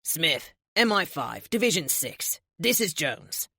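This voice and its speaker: A woman's voice: deep voice, very animated, slow pace, gravelly, pushed and bright, slightly rough, no echo, clean studio sound, full character voice. A woman voicing a courteous British male secret agent with a London accent. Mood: polite.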